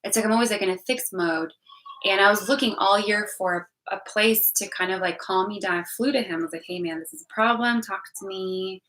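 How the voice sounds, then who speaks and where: A woman's voice: medium pitch, a little fast, a bit bright, poor audio. A young woman vlogging candidly about a hard year, rambling emotionally with many restarts and repeated words. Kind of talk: candid personal vlog talk.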